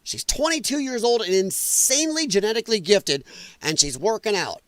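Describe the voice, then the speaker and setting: A man's voice: high voice, big pitch swings, normal speed, fairly bright tone, no echo. A middle-aged American man from the Midwest hosting a political commentary stream, ranting with profanity and sarcasm. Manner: profane, sarcastic, mocking mimicry of others.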